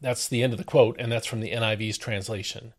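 A man hosting a daily devotional, reading a Bible passage aloud and then explaining it, with expressive emphasis on the quoted lines. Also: fairly low pitch, fast. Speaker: devotional host. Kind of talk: scripture reading and devotional commentary.

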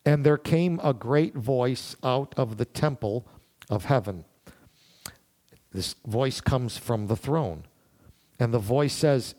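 A man's voice: medium pitch, measured pace, darkish tone. A man teaching a verse-by-verse Bible study to listeners in a room, in a conversational way, thinking aloud and asking them questions.

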